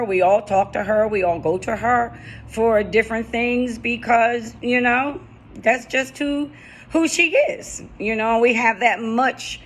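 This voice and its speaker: A woman's voice: fairly high pitch, fairly bright tone. A middle-aged woman with a US East Coast accent, talking casually in a personal vlog and reading her own poem, often laughing and repeating phrases for emphasis. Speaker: vlogger.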